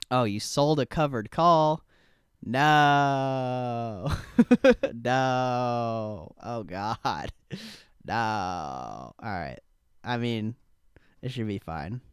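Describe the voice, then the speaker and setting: A man's voice: medium pitch, expressive, extremely slow, pauses often, clean tone, dry recording, studio quality. A young man hosting a live trading stream, laid-back, swearing casually and laughing often as he answers chat. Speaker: stock trading livestream host.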